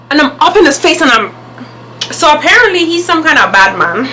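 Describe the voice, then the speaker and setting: Young woman, storytime vlog, emphatic, lively pitch, bright voice. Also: moderate pace, slight background noise, low-quality recording. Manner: animated, emphatic, indignant retelling. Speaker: vlogger. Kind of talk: casual storytime.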